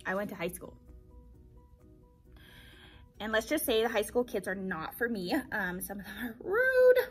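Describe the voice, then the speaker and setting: A young woman and teacher, telling her story casually in a vlog, animated and repeating phrases for emphasis. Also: medium pitch, unhurried, soft background music.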